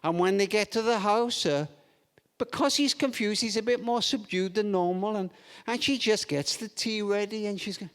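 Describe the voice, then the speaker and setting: A man's voice: high voice, normal speed. Older guy giving a parenting talk, acts out his stories, big hall reverb. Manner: animated, acts out anecdotes with playful humour. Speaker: parenting speaker. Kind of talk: storytelling seminar talk. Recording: long reverb of a large hall.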